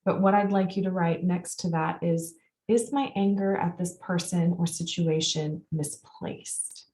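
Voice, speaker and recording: Low-voiced woman guiding a calm exercise. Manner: calm, guiding, repeats prompts with pauses. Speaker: workshop facilitator and coach. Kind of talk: guided group release exercise. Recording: echoey room sound.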